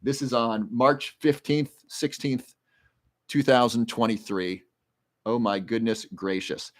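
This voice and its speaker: A man's voice: mid-range voice, steady tone, slow. A man hosting a casual livestream Q&A, reading viewer questions aloud and explaining health research in a rambling, conversational way.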